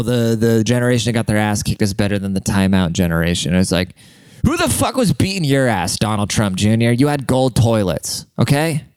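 A young man rambles through a casual podcast monologue, swearing freely and laughing as he goes. His voice is low and smooth, recorded dry and close with no room echo. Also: a little mellow. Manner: rambling, profane, laughs often. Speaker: podcast host.

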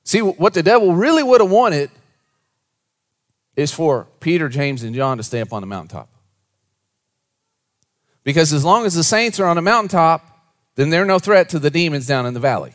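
A man preaching a sermon to a congregation, moving between hushed, low asides and animated, raised storytelling. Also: moderate pace, pauses often. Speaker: pastor.

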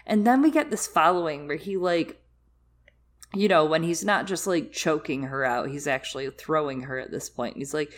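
A woman's voice: low voice, moderate pace. A young woman co-hosting a podcast, chatting animatedly about a book with lots of filler words. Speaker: podcast co-host. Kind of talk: casual book discussion.

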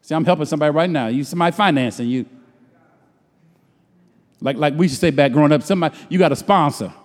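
A high-voiced middle-aged man preaches with folksy, emphatic drive, drawing words out slowly to hammer his points. His voice rings with the long reverb of a large hall. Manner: emphatic call-and-response preaching, slows and stretches words for emphasis; folksy, colloquial speech. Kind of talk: sermon.

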